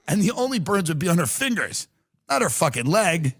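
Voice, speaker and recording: Profane ranting comedian, high lively voice. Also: male voice, fairly quick, no room sound, studio quality. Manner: profane, sarcastic, exaggerated. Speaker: podcast host. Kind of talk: comedic rant.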